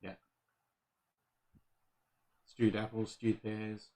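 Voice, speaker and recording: An Australian man co-hosting a casual whisky tasting, agreeable and quick to chime in. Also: lowish voice, level tone, warm tone. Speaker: whisky show co-host.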